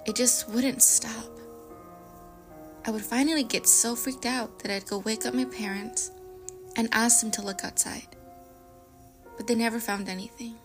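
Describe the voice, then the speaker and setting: A young woman hosting a podcast, reading scary stories aloud dramatically and dropping to a hush at tense moments. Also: a little high, fairly even intonation, a little slow, long pauses, music in the background. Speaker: podcast host.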